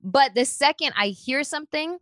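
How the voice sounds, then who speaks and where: A woman guest, a comedian, telling stories in lively conversation and slipping into quick voices as she goes. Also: high-pitched, no echo, clean studio sound. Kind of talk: animated storytelling in conversation.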